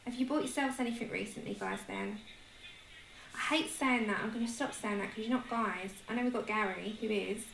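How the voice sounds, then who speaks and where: A woman's voice: medium pitch, a little fast, vocal fry. A woman with a London accent hosts a livestream and chats casually while colouring, laughing at herself often. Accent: London English. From London, England. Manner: chatty, self-deprecating, laughs often. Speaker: livestream host. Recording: echoey room with faint noise.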